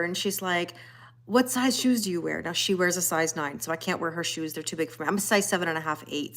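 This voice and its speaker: A woman's voice: medium pitch, a bit bright. A woman in her forties, a tarot reader hosting a livestream, chatting casually with viewers and telling rambling stories full of fillers. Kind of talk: casual chat greeting live viewers.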